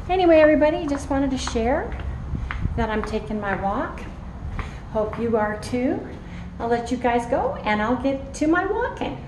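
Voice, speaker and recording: A woman's voice: fairly high pitch, background noise. A middle-aged woman chatting casually to her viewers in a vlog while she eats and goes for walks. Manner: chatty, addresses viewers as you guys; talking while chewing and walking outdoors. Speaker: vlogger.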